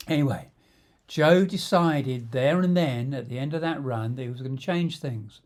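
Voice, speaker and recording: A middle-aged man telling stories from his own life in an unhurried, conversational way. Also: mid-range voice, darkish tone. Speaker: storyteller and coach. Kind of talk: memoir storytelling.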